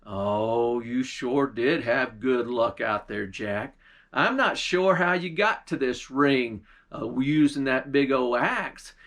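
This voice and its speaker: A man voicing a gruff, suspicious old bearded man in a folk tale who talks in a slow, grumbling way. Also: mid-range voice, fairly bright tone.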